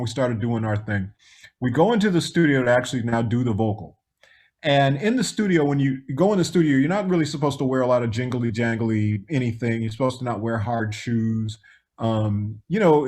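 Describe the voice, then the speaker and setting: A man's voice: mid-range voice, brisk. A man, a music producer guest, telling a story in an interview and acting out the voices of the people in it. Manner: animated, acts out quoted voices.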